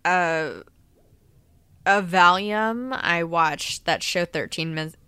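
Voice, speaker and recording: A woman co-host of a podcast, telling stories in an excited casual chat, talking fast and swearing freely. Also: on the low side, clean tone, no echo. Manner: fast, animated, laughing storyteller who swears freely.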